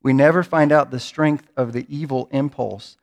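A man's voice: medium pitch, normal speed, vocal fry. A man preaching a sermon in a church, in an earnest manner, often repeating words as he builds toward a point. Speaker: pastor.

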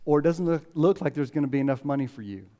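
A pastor giving a conversational sermon, telling stories and acting out quotes with lively ups and downs. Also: male voice, fairly high pitch, fast. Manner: conversational, animated storytelling with acted quotes.

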